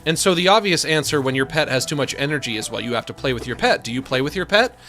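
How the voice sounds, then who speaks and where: A man in his thirties streaming a game, talking casually with sardonic, deadpan rants that burst into exasperated complaints. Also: medium pitch, fast, faint music behind. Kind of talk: casual live-stream chat while gaming.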